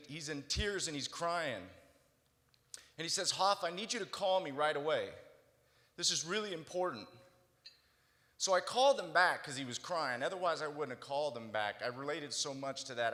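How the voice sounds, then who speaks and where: A man with a hoarse, slightly raspy voice giving a personal testimony as a guest speaker, telling his story earnestly. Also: medium pitch, sharp tone, big-room sound. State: hoarse, recovering voice. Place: banquet hall.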